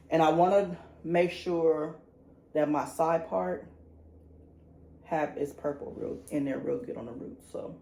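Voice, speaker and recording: A woman's voice: sits low, vocal fry, dark tone. A woman, chatting nervously and laughing at herself while showing how she dyes a wig at a sink. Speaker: beauty vlogger. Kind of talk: casual talk-along tutorial. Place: indoor room at a sink. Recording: echoey room with faint ambient noise.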